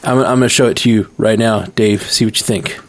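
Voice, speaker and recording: A man's voice: lowish voice, steady tone, brisk. A man co-hosting a podcast in casual chat, laughing often as he talks. He rambles and restarts his sentences before getting to the point. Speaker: podcast co-host.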